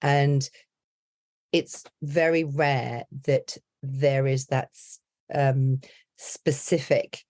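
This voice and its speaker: A middle-aged woman, a coach, chatting on a podcast in a lively storytelling way. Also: extremely low pitch, extremely slow. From Britain. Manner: chatty, animated storyteller who slips into accent impressions. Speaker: accent and dialect coach, guest. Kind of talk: casual podcast chat.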